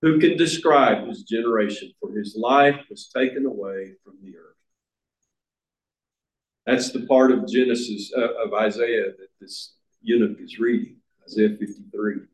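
A man preaching a sermon, slow and emphatic, repeating words for stress. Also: fairly low pitch. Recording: echoey room.

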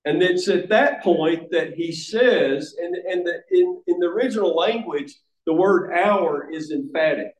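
In a church sanctuary, a man with a high-pitched voice preaches a sermon a little slowly and with hardly any pauses. He is earnest and emphatic, sometimes restarting his phrases, and the room sounds echoey.

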